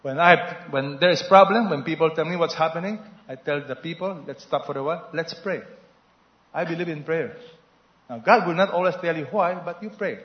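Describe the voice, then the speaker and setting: Animated male preacher in echoey church. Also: on the high side, normal speed. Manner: animated preaching, call-and-response questions to the congregation. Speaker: pastor. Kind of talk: sermon. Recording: echoey, slightly dull hall recording.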